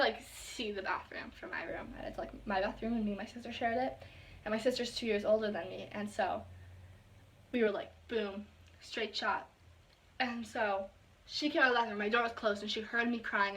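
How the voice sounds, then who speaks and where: A young woman telling a personal story in a casual vlog, full of fillers and quoted asides that often drop to a soft whisper. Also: on the high side. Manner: drops to soft whispers when quoting herself and others. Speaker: vlogger.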